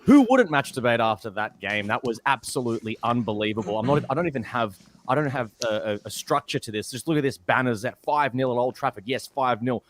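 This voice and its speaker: A man's voice: mid-range voice, expressive, fairly quick, few pauses, a little hiss or hum. A man hosting a podcast, boisterous and gleeful, swearing freely in casual chat. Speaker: podcast host.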